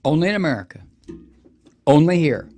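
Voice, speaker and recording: A man's voice: fairly high pitch, animated, brisk, darkish tone. A man hosting a political talk radio show, delivering an impassioned, profane and sarcastic monologue.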